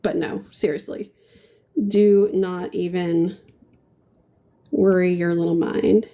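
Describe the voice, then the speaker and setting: A woman's voice: fairly low pitch, little pitch movement, a little slow, darkish tone. A woman hosting a painting livestream, chatting casually and playfully with her viewers, often giggling.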